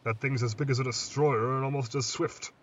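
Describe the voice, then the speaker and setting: A man voicing a weathered old lighthouse keeper who speaks slowly and in a hushed, musing way, heard on a distant, muffled recording with faint hiss. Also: mid-range voice, steady tone, lightly acted. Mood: brooding. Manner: slow, hushed, musing storyteller.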